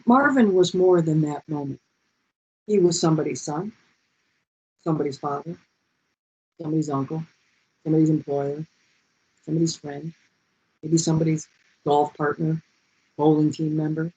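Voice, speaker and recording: Passionate session leader, husky voice, dull lo-fi call audio, repeats key lines. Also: mid-range voice, steady tone, normal speed, pauses often, a little mellow. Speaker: speaker leading a group session. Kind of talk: heartfelt motivational talk. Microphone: video call.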